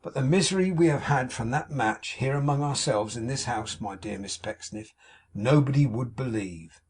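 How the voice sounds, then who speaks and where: A fussy middle-aged landlady, put on by a male narrator, pours out confidences in a gushing, melodramatic way. The voice has a husky, breathy edge and sits at a middling pitch. She fits a storybook read aloud. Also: normal speed, darkish tone, lightly acted.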